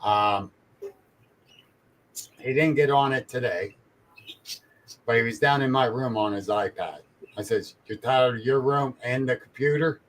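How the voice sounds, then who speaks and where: A man's voice: medium pitch, unhurried, pauses often, a bit bright, a little hiss or hum. An older man, a grandfather, telling easygoing stories in casual chat and chuckling as he goes.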